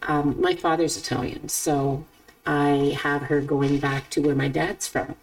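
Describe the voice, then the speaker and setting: A middle-aged woman hosting a podcast in casual chat, animated and laughing often. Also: sits low, unhurried, far from the mic, low-quality recording. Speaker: podcast host and author.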